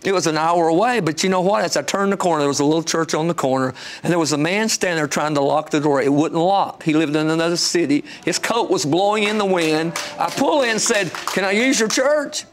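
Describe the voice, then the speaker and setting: Animated man telling his testimony. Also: fast, hardly any pauses. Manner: storytelling, gets animated and higher when excited. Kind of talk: emotional personal testimony.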